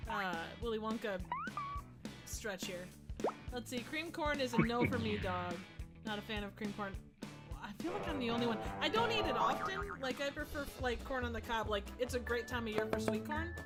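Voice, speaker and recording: A woman from the American Midwest hosts a game livestream, chatting loosely and stumbling over restarts and fillers. Her voice sits a little high. Music plays clearly underneath. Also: expressive, normal speed. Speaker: game host. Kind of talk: casual livestream chat. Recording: music playing behind.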